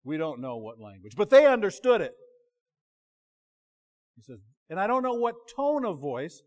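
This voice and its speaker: A man preaching a sermon in a conversational way, often stopping himself mid-phrase and dropping to a quiet voice for emphasis. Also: high-pitched, sing-song, normal speed. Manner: conversational, self-interrupting, drops to quiet emphasis.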